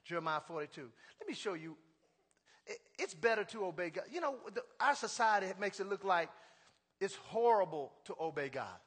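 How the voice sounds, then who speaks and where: A male pastor preaching a sermon, stressing his points with repeated refrains and building to shouts. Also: high voice, lively intonation, brisk, in a large hall.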